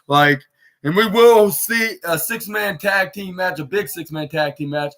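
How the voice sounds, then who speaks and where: High, bright-voiced young man recapping wrestling. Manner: halting, many fillers and restarts, acts out quotes loudly. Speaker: podcast host.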